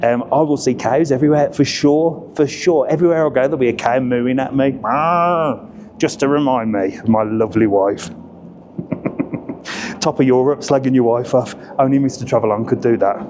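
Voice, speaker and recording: Inside an indoor ice tunnel, this middle-aged man talks casually to his handheld camera, a travel vlogger who jokes and teases while a bit winded. He speaks at normal speed in a steady, mid-range voice over noisy crowd chatter from other visitors.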